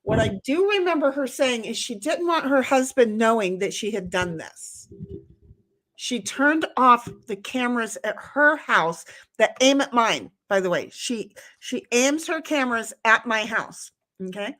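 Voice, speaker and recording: A woman co-hosting a live stream, telling stories in a blunt, profane, animated way from home. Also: on the high side, measured pace. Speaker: co-host of a live-stream talk show. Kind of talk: casual chat, storytelling. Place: home, at a computer.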